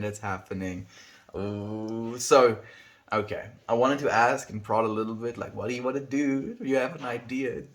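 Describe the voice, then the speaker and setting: A man with a lowish voice chats casually on a live stream, answering viewer comments one by one. He speaks warmly and earnestly, leans toward spiritual ideas, and keeps calling his viewers "my friend.". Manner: warm and earnest, with a spiritual bent and frequent "my friend". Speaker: livestreamer.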